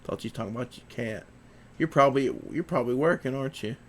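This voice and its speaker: A man's voice: medium pitch, quick pace, a little hiss or hum. A man, hosting a livestream podcast in a casual, rambling way, reading viewer comments aloud.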